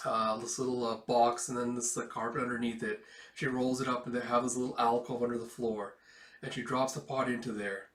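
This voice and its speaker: A man's voice: medium pitch, a bit bright. A man casually retelling a comic book panel by panel, emotional and full of fillers. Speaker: comic reader. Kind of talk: casual comic read-along. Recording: roomy, distant mic.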